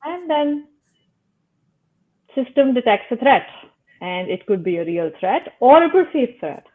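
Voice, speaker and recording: A woman's voice: fairly high pitch, big pitch swings, measured pace. Woman explaining over a tinny call line. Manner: thoughtful, explains with simple metaphors, frequent "right?". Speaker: guest explaining the nervous system. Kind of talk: casual explanatory talk.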